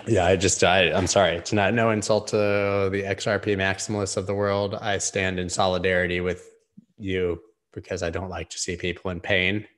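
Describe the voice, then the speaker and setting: Deep-voiced man rambling over charts. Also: little pitch movement, fairly bright tone. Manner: joking, rambling, quick asides. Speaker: host of a live charting stream. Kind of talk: casual live-stream chart analysis.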